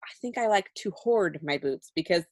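A woman's voice: lowish voice, animated, normal speed. A young woman co-hosting a podcast, chatty and playful, giggling between remarks. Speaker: podcast co-host. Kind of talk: casual chat.

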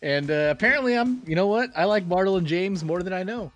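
A man's voice: high-pitched, fast talker, fairly bright tone, faint music behind. A man co-hosting a podcast in easygoing casual chat, with hesitant fillers. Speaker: podcast co-host.

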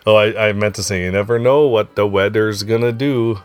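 A man hosting a casual family podcast, relaxed and chatty, often checking in with "right?". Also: lowish voice, a little fast. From grew up among Norwegian Americans. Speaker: podcast host.

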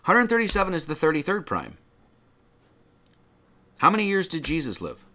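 Male preacher, lively bright delivery, sermon teaching with rhetorical questions. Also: fairly high pitch, moderate pace. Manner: animated teaching, rhetorical questions, quoting scripture.

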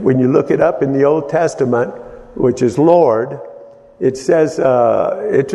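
A man preaching a Bible-teaching sermon, explaining in a halting way with many restarts and fillers. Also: medium pitch, darkish tone, long reverb tail.

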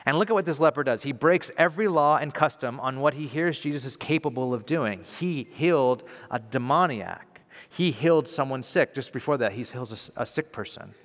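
A male pastor giving a conversational sermon, animated, then dropping softly for emphasis. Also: mid-range voice, a little fast. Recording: reverberant hall.

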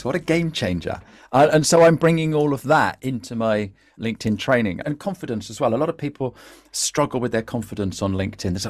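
Animated guy on a podcast, mid voice, dry mic, trips over his words when excited. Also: medium pitch, dry recording. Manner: animated, lively, stumbling restarts. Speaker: podcast guest, LinkedIn trainer. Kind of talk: casual conversational interview.

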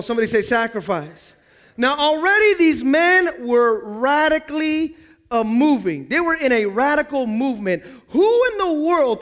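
Preaching to his church, this pastor speaks in a strikingly high, slightly bright voice and has the congregation echo his words back. Now and then he plays out everyday moments in other people's voices, then picks the sermon back up.

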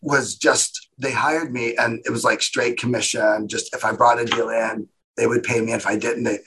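A man speaks as an interview guest, his voice husky and a little breathy. He rambles through his story with animation and slips into the voices of the people in it. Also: mid-range voice, fairly even intonation, moderate pace, a bit bright, low-quality recording.

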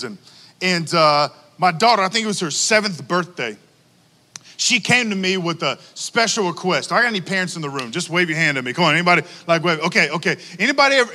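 A man preaching a sermon to a congregation, animated and calling out for responses from the crowd. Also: high-pitched, long reverb tail. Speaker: pastor.

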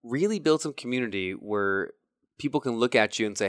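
A man's voice: mid-range voice, lively intonation, brisk, no echo, clean studio sound. A man hosting a podcast who talks in an earnest, coaching way, speaking straight to his listeners. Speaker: podcast host. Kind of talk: motivational podcast talk.

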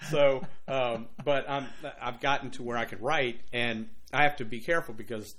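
A man's voice: mid-range voice, steady tone, normal speed, a bit bright. An older man from Louisiana with a Cajun accent, talking through an interview as a guest author, rambling with many restarts. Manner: rambling, many restarts, playful put-on voices. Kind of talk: casual interview chat.

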